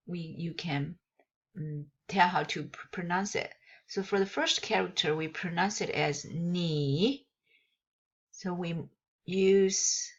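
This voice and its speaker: A woman whose first language is Mandarin Chinese, teaching a lesson and explaining in halting phrases that she often corrects mid-sentence. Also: low voice, a bit bright, breathy edge. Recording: dull lo-fi recording.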